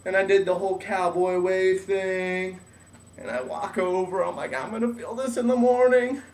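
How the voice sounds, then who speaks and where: A man's voice: high voice, normal speed, a little hiss or hum. A young man telling a personal story in a casual way, acting out what others said in their voices. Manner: animated, acts out voices of others. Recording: echoey room, mic at a distance.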